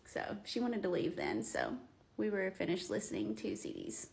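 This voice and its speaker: A woman's voice: medium pitch, wildly swooping pitch, moderate pace, creaky. A woman, telling stories casually into her phone at home, rambling with lots of fillers. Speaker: vlogger. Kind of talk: casual storytelling.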